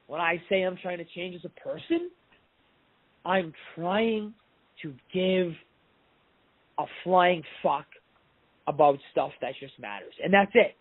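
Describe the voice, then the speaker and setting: High, husky man on a tinny phone line. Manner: candid, swears casually, reflective. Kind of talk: casual chat over the phone.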